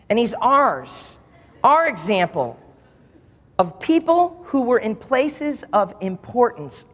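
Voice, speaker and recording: Emphatic preacher in a reverberant hall. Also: male voice, very high-pitched, a bit bright. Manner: emphatic, repeats phrases for effect. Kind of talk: sermon.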